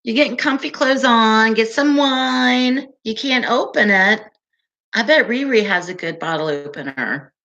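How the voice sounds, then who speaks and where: A woman hosts a relaxed livestream chat, her soft, calming voice unhurried and slow. Her tone is bright and clear, and she keeps it easygoing and giggly as she answers her viewers. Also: on the high side, dull audio. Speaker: livestream host.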